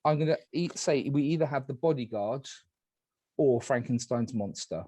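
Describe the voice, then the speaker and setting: Game moderator, man, husky low voice, dry close sound over a call. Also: normal speed, dry recording. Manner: calm, polite, narrating night phases. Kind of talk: running an online party game.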